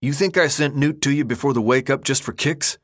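A man reading a gruff teenage boy leader who speaks in a clipped, rural drawl full of slang and gives blunt orders. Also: mid-range voice, animated, normal speed, a bit bright, natural voice. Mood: stern.

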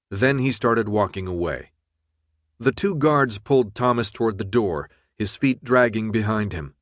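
A man's voice: lowish voice, animated, unhurried, no echo. Man reading an audiobook, dry close sound. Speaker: audiobook narrator. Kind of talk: scripted narration.

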